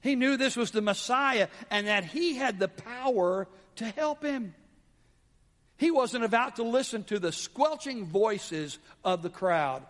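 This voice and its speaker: High-voiced preacher in a reverberant hall. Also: male voice, expressive, a little slow. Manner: dramatic, swings from soft low drops to raised exclamations. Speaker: pastor. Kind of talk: sermon.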